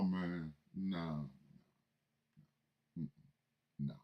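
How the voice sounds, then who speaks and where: Male radio host, comedic rant, wildly lively pitch, bright forceful tone, incredulous outbursts. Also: moderate pace, long pauses. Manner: animated, incredulous, with loud outbursts.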